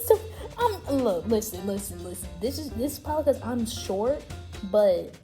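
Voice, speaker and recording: A woman hosting a casual chat, excitedly recapping a video game story with frequent laughter and swearing. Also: a little high, moderate pace, faint music behind. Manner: animated, laughs often, profane. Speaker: host.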